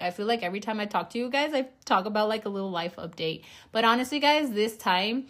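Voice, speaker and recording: A woman's voice: mid-range voice, fast, hardly any pauses, fairly bright tone. A young woman hosting her own podcast, chatting casually, joking and swearing, rambling with lots of fillers. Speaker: podcast host. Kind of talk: casual chat.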